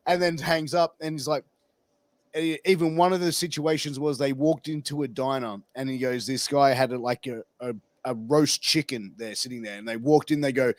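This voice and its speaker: A man hosting a casual interview, telling stories in an animated way and swearing freely. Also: medium pitch, normal speed, no echo. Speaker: podcast host.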